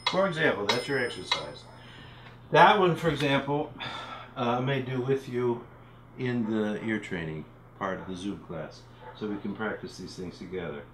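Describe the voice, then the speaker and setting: A man's voice: lowish voice, animated, normal speed, noisy background. Man teaching rhythm in a roomy home. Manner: chants rhythm syllables and counts aloud while explaining. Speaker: music teacher. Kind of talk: recorded music theory lesson. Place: home room.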